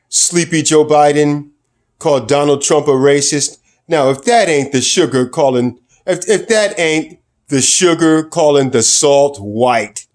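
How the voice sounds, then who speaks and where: A man delivering political commentary in a vlog, emphatic and sarcastic, his pitch and loudness swinging widely.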